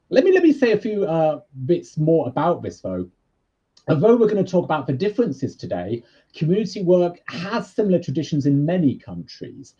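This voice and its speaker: A man's voice: mid-range voice, dark tone, husky, dull audio. A man with a British accent, a university lecturer explaining his topic in a conversational way during a live online session.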